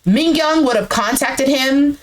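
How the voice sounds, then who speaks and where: A woman's voice: high-pitched, measured pace, low-quality recording. A woman giving a chatty, blunt recap of a show, filling her talk with "like" and swearing now and then. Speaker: recap creator reacting to a dating show. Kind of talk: casual recap commentary.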